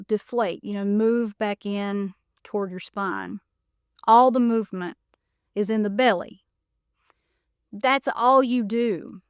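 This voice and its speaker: A woman hosting a podcast, calmly guiding listeners through breathing exercises with a coaching manner and frequent "you know" and "okay". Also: on the high side, smooth, no echo, clean studio sound. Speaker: podcast host. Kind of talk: guided breathing instruction.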